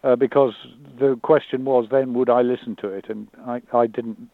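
A man talking candidly and thoughtfully, often pausing and repeating words as he searches for them. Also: mid-range voice, steady tone, no echo. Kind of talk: candid conversation. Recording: dry tinny phone-like line.

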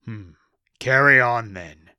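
A man's voice: medium pitch, pushed and bright, clear, resonant tone, no room sound, clean studio sound. A man bellowing as a bullying orc boss. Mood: grudging. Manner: bellowing, slow and threatening. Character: huge bullying male black orc boss, menacing.

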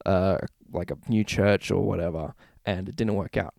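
A man's voice: low voice, steady tone, normal speed, vocal fry, darkish tone, dry recording. A young man chatting casually on a podcast, laughing often as he retells a film scene by scene. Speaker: podcast co-host. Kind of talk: casual chat.

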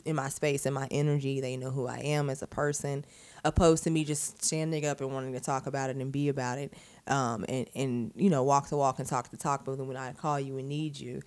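A woman's voice: extremely low pitch, a little fast. A woman hosting a podcast, talking candidly in casual conversation, blunt and sarcastic, with frequent swearing. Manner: animated, sarcastic asides. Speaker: podcast host.

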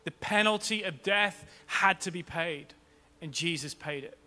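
A male pastor delivers a rousing sermon in a rhythmic, appealing style. His voice sits fairly high and sounds bright and forceful. A large church hall adds a long reverb tail. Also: a little slow, hardly any pauses, faint music behind.

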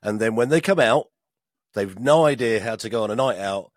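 A man's voice: fairly low pitch, expressive, moderate pace, dry recording, studio quality. A British man co-hosting a podcast, rambling casually and laughing often. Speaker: podcast co-host. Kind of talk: casual chat.

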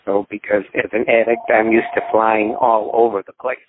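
Man, fairly low voice, casual share, phone-line sound. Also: flat delivery, normal speed, a little hiss or hum. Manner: casual, explains with everyday examples. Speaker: meeting participant. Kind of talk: personal recovery share.

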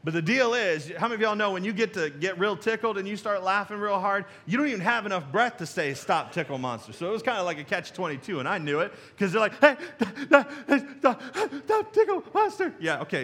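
A middle-aged pastor preaches to his congregation in a loose, folksy way, breaking into chuckles and tossing questions at the pews. His voice sits high for a man and rings bright and forward. He is heard through a stage microphone in a church sanctuary. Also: fast, hardly any pauses. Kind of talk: sermon.

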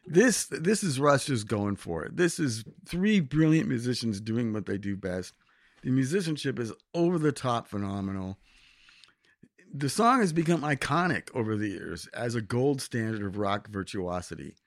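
A man co-hosting a podcast, reading out earnest, admiring song reviews in a measured way. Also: medium pitch, expressive, no room sound, clean studio sound. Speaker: podcast co-host.

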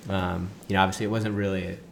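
A man telling a story in casual conversation, full of fillers like "like" and "um," and getting animated when he quotes other people. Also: deep voice, fast, creaky, slight background noise. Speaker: guest.

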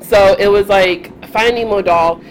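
A young woman telling stories in a casual chat, animated, often laughing and acting out the voices of the people she quotes. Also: mid-range voice, moderate pace. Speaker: podcast guest. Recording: faint background noise.

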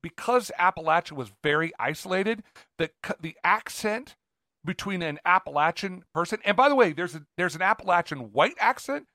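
A man's voice: high voice, animated, moderate pace, bright, forceful tone, no echo, clean studio sound. Eager, rambling man on a podcast. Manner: enthusiastic, rambling with restarts. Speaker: podcast co-host. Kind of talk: casual podcast chat.

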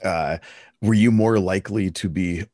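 A man with a very deep, husky voice speaks in a measured, thoughtful way as he puts questions to his co-host. The recording is dry and close, with no room sound. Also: a little mellow, dry recording. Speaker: podcast co-host. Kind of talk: casual conversation, asking questions.

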